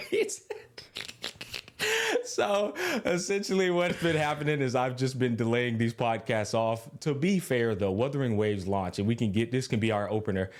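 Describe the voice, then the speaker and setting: A man's voice: medium pitch, fairly quick. A young man co-hosting a podcast, talking casually with lots of energy and a bit of swearing. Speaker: podcast co-host. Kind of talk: casual chat.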